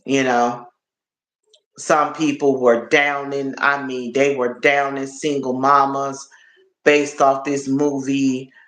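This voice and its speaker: A man's voice: mid-range voice, little pitch movement, takes it slowly, fairly bright tone. A man chatting casually on a live stream, rambling and repeating his words as he talks to viewers. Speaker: livestreamer. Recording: roomy echo.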